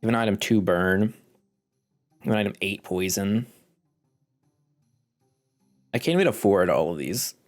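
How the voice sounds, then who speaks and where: A man's voice: on the low side, measured pace, long pauses, soft background music. A congested man casually commenting on his game as he plays, thinking aloud and chuckling. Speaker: gaming video host.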